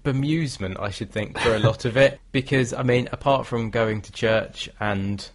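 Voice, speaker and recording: A man's voice: mid-range voice, moderate pace, a little hiss or hum. A British man talking as a guest in a conversational interview, thoughtful and given to light laughter. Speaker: guest historian.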